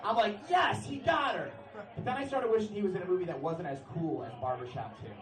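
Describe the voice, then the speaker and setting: A brash young man works a stand-up set on a club stage, his voice sitting high for a man and often jumping into shouted announcer-style bits. He sounds roomy and a little off-mic, and loud crowd laughter keeps breaking through. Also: big pitch swings, fast, far from the mic. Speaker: stand-up comedian.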